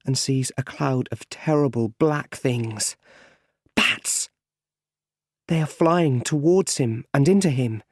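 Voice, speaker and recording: Slow, plain-spoken male storyteller. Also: mid-range voice, no room sound, studio quality. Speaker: audiobook narrator. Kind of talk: scripted audiobook narration.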